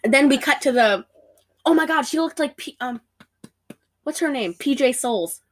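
A woman chatting casually about a movie she just watched, animated and giggly, often breaking into character voices. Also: high voice, normal speed. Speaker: podcast co-host. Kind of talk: casual movie review chat.

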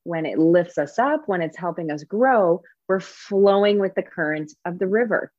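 A woman author explaining an idea in a steady, clear way during a conversation. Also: on the low side, moderate pace, dry recording, muffled recording. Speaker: author guest.

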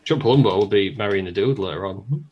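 A man's voice: lowish voice, quick pace, highs cut off. A man hosting a podcast, chatting casually and laughing often. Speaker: podcast host. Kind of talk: casual chat.

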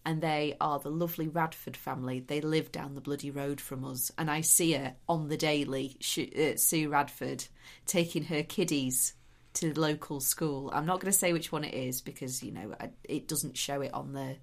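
A British woman co-hosting a podcast, chatty, quick to react and to swear. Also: low voice, fairly even intonation, vocal fry. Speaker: podcast co-host. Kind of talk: casual chat.

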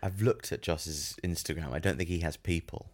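A wry man co-hosting a casual comedy podcast, teasing his partner and rambling through his points. His voice sits very low and deep. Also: steady tone, moderate pace. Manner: wry, rambling, many fillers and restarts. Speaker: podcast co-host.

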